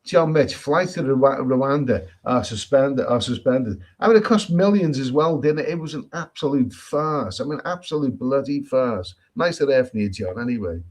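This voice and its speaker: Broadcasting live from a Thai island, a man from England reads viewers' comments and responds in a chatty, repetitive manner full of restarts and strong opinions. He has a medium-pitched, darkish voice with lively intonation, speaking at normal speed with few pauses.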